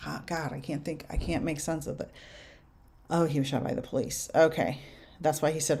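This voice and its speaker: A young adult woman medium giving spirit messages to viewers in a casual live chat, halting and soft-spoken. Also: deep voice, steady tone, creaky, husky. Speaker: medium answering viewer questions.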